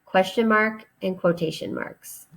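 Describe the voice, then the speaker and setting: A woman teacher giving a recorded grammar lesson to children, patient and deliberate as she spells out each step. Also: mid-range voice, vocal fry.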